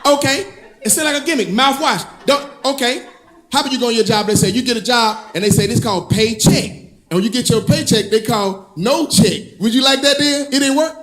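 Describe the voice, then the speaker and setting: A man doing a stand-up comedy set, telling stories with an animated delivery, drawling some words and shouting punchlines. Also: very high-pitched, brisk. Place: comedy club stage. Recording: echoey room with audience laughter.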